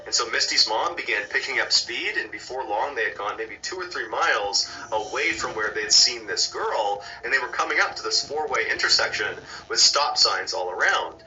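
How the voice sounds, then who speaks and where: Bright-voiced man narrating horror. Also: medium pitch, expressive, normal speed, hardly any pauses, recorded from a distance, muffled recording, slight background noise.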